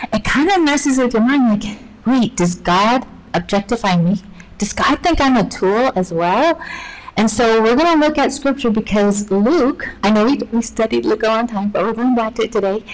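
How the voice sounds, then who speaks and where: A woman's voice: a little high, poor audio. A woman giving a casual Bible teaching to women, chatty and full of "like", acting out the story as she tells it. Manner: chatty, peppered with "like", acts out the story. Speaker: women's ministry speaker.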